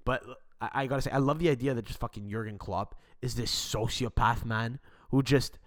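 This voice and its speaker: A man hosts a casual solo podcast and rambles through his thoughts, swearing often and restarting his sentences with stammers. He talks into a desk mic, at a middle pitch for a man. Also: fairly quick. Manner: rambling, profane, stuttering restarts. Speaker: podcast host. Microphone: desk mic without arm.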